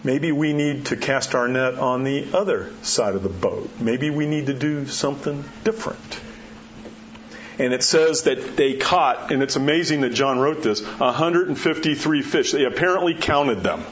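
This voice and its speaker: A pastor giving a sermon in a conversational way, acting out the quotes and dropping his voice low to drive points home. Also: measured pace, a bit bright. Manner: conversational preaching, acts out quotes, drops low for emphasis. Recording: dull muffled sound with faint background hiss.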